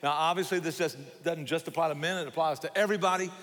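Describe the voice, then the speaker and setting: An older man with a thick Southern Georgia accent preaches in a church, spinning folksy, joking stories. His voice sits a little high for a man and rings with the long reverb of a large sanctuary. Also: fairly even intonation, fast talker, a bit bright. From Savannah, Georgia. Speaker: guest pastor. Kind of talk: sermon.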